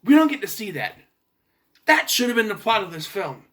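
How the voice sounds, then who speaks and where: Bright, animated young movie reviewer. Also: male voice, high-pitched, moderate pace. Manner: chatty, sarcastic, clears throat. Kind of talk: casual video review.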